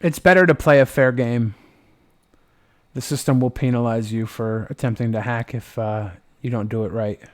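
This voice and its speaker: A man's voice: mid-range voice, normal speed. A young man hosting a livestream, chatting casually in a rambling, playful way with lots of swearing. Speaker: livestream host.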